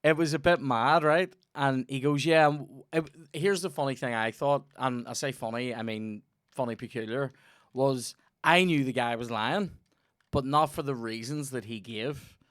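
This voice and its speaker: Young Northern Irish podcast host, mid-pitched, animated sweary anecdotes, dry close mic. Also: male voice, normal speed, dry recording. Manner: swears a lot, tells animated stories. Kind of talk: casual chat.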